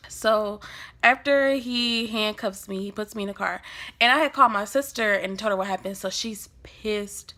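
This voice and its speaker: Young woman vlogger, animated storyteller, bright voice with some fry. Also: mid-range voice, normal speed. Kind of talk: storytime vlog.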